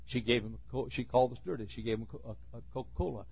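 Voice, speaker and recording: A preacher with a husky, slightly breathy voice tells folksy stories from the pulpit. He drops low and quiet, then breaks into loud shouts. The recording sounds dull and lo-fi. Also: rapid-fire. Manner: folksy, swings from quiet asides to sudden shouts. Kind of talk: sermon with storytelling.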